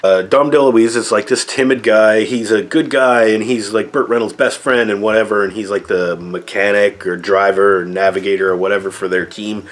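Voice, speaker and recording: A man's voice: fairly low pitch, steady tone, moderate pace, few pauses. A middle-aged man giving a rambling, sarcastic and profane movie review. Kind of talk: casual spoken movie review.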